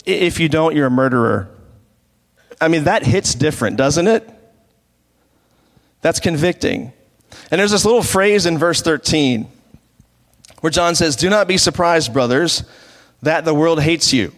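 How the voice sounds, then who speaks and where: A man's voice: a little high, long reverb tail. A man preaching a sermon as pastor, in a conversational way, asking the congregation rhetorical questions.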